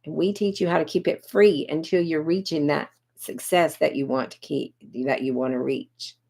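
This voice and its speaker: Speaking at a moderate pace, a woman in her fifties coaches viewers on a livestream in a casual pitch. Her slightly low voice is gravelly with a warm tone, and her manner is chatty and direct as she regularly breaks off to address people by name.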